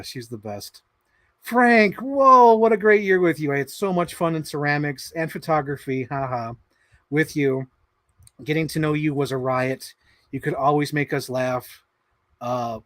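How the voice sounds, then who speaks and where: This livestream host, a man in his thirties, reads out what people wrote in his yearbook, laughing, cursing and getting distracted as he goes, slightly breathless. He speaks a bit high, and there's no room sound at all.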